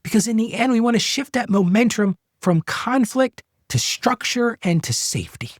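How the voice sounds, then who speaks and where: A man's voice: high-pitched, expressive, moderate pace, no echo, studio quality. A middle-aged man hosting a faith-based money advice podcast, earnest and coaching, often repeating phrases for emphasis. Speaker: podcast host.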